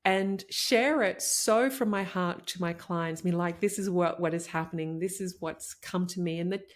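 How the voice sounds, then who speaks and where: A woman's voice: lowish voice, moderate pace. Effusive woman coaching podcast host. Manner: effusive, animated, says "like" and "oh my gosh" often. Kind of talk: motivational solo podcast.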